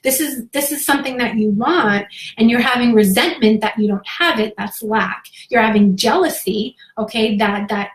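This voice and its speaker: A woman with a fairly high voice talks straight to her viewers, frank and emphatic, peppering her points with "like" and "right?". The room around her rings with a noticeable echo. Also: normal speed. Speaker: spirituality coach. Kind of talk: casual live talk to viewers. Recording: roomy echo.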